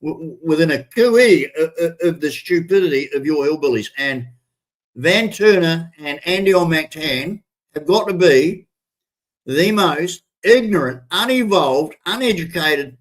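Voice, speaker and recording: High-voiced Australian man ranting bluntly. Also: lively intonation, measured pace, poor audio. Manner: blunt, profane, repetitive restarts. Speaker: live stream host. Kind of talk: ranting commentary.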